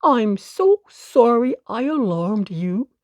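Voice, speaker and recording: A woman's voice: fairly high pitch, expressive, slow pace, a little mellow, no room sound, clean studio sound. A woman voicing a hearty old circus dog. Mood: friendly. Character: kind old male circus dog soldier, polite.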